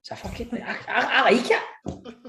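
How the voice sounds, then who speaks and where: A man's voice: extremely high pitch, moderate pace. A man co-hosting a football podcast, chatting casually with lots of swearing and laughter. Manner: animated, swears often, laughs a lot. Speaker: podcast co-host. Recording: echoey room with faint noise.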